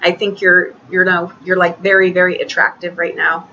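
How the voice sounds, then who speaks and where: A woman reads tarot cards in a loose, chatty way, often stopping and restarting her sentences. Her voice is bright and forward. The recording sounds a little dull, with faint noise behind her. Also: on the low side, level tone. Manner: chatty, halting, many restarts. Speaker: tarot reader. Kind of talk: casual tarot reading.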